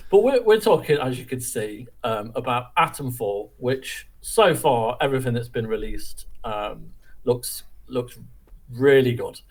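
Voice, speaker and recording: A man hosting a games podcast, relaxed and self-deprecating, with hesitant fillers. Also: mid-range voice, a little slow. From England. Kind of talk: casual chat.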